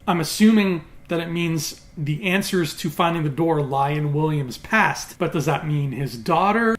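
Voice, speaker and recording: A man talking casually as a TV reviewer, recapping in an animated way with quick acted quotes. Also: a little high.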